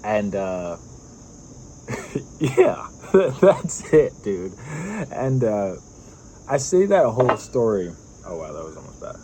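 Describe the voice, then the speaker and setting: A young man tells a personal story in a loose, rambling vlog style, stacking fillers and breaking into laughter. His voice sits low. Faint crickets and insects hum in the background. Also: big pitch swings, slow, long pauses, mellow, rough recording. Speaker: vlogger.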